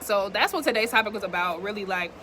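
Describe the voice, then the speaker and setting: Animated and fast, a young woman speaks in a mid-range, sharp-toned voice with a little hiss or hum in the audio. She's vlogging outdoors beside some yard work, casually rambling and reflecting to camera with frequent filler words.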